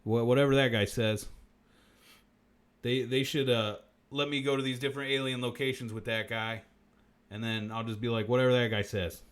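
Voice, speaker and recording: A man hosting a comic livestream, rambling through odd facts with constant swearing and deadpan asides. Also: medium pitch, normal speed, smooth. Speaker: host.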